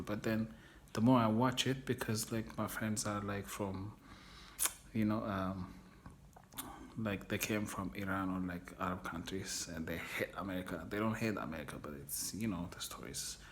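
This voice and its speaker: A man's voice: on the low side, a little hiss or hum. A man telling his own story in an interview, frank and rambling, searching for words and swearing casually. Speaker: documentary interviewee. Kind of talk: candid personal storytelling.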